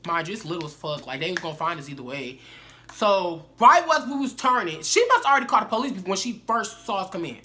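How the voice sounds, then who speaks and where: A young woman telling a story to her viewers in a casual, animated, slangy way. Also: fairly low pitch, quick pace. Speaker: vlogger.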